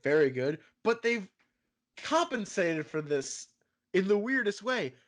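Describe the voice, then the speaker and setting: A man co-hosting a casual fan podcast, animated and profane, often laughing and putting on voices. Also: high voice, a little slow. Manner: animated, swearing, laughing, mimicking characters. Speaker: podcast co-host.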